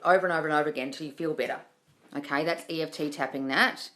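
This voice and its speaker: A woman's voice: sits low, quick pace, fairly bright tone, a little hiss or hum. A woman hosting a casual livestream Q&A as a manifesting coach, chatty and reassuring, calling viewers darling and swearing now and then. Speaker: manifesting coach answering live questions. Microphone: phone livestream.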